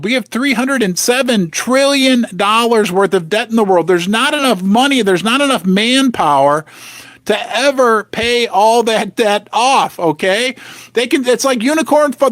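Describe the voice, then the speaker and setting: Emphatic high-voiced man. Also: a bit bright, no room sound. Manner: emphatic, rhetorical questions, jokey asides. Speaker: host of a precious metals channel. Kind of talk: animated casual monologue to camera.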